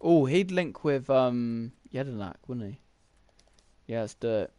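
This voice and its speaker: A man's voice: mid-range voice, animated, a little slow, mellow, dry recording. A young man, rambling through casual gameplay commentary while thinking aloud with lots of fillers. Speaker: gaming YouTuber.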